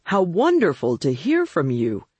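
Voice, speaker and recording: A gushing, overly polite male vampire servant, put on by a woman narrator in an audiobook. His voice has a slightly husky edge, recorded close and completely dry. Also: very deep voice, expressive, normal speed, a little mellow, no room sound, pitched below the performer's own voice. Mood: delighted. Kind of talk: audiobook character voice.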